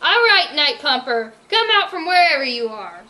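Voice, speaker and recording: A woman's voice: high-pitched, lively intonation, unhurried, bright, forceful tone, full character voice. A woman voicing an eager, loyal young male dog who speaks urgently and pleads, in a storybook reading.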